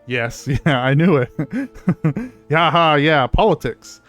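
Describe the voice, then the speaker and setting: Excited man commenting on gameplay. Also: a little high, slow pace, soft background music. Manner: enthusiastic, laughs often. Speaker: streamer.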